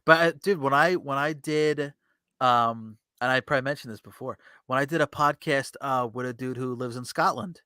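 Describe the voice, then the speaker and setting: A man, co-hosting a casual podcast chat, profane and quick to laugh. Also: medium pitch, sharp tone, clear, resonant tone, no echo, clean studio sound. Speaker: podcast co-host.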